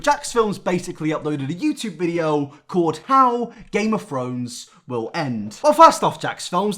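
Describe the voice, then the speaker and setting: A young man giving a satirical YouTube rant, mock-angry and sarcastic, jumping between loud outbursts and hushed asides. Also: high-pitched.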